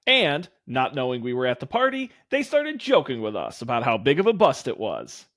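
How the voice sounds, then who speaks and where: A man's voice: mid-range voice, wildly swooping pitch, moderate pace, a bit bright, pitched below the performer's own voice. A man reading an easygoing dad in a dating game. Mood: nostalgic. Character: friendly laid-back male dad, softball coach.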